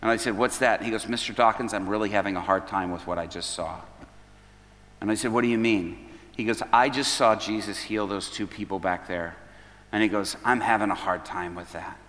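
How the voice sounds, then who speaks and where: Bright-voiced preacher in a ringing hall. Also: male voice, fairly low pitch, brisk. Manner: retells events as dialogue, quoting each person. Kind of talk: storytelling sermon. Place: church hall at an evening service. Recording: long reverb of a large hall.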